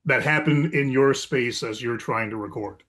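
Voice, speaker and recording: A man in a casual chat, calmly giving practical advice as a guest. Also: medium pitch, moderate pace. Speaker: paranormal investigator guest.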